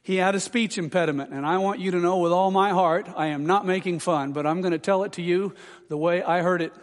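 A man's voice: high-pitched, steady tone, fairly quick. A man preaching an emphatic sermon as pastor, building to rousing questions, recorded in a church sanctuary. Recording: long church reverb.

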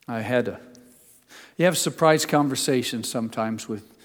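An older man preaching a sermon as a pastor. He tells folksy personal stories and builds to emphatic high points. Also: normal speed, long reverb tail. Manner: storytelling, folksy asides, builds to emphatic peaks.

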